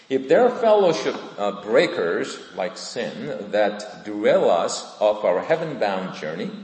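A man preaching a sermon in church, earnest and deliberate, with emphatic rises on key points. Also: on the low side, darkish tone. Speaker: pastor. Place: church sanctuary. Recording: echoey church hall.

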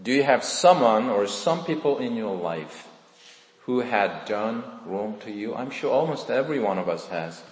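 A man's voice: fairly low pitch, expressive, normal speed. A man preaching a sermon, earnest and questioning his listeners directly. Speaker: pastor. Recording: echoey hall with long reverb.

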